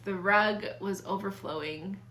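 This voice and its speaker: A young woman speaking in an earnest, confiding way as she shares her own experience. Her talk is loose and casual, full of restarts and filler words. Her voice sits at an ordinary middle pitch for a woman. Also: fairly even intonation, a little slow, sharp tone. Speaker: vlogger sharing life advice.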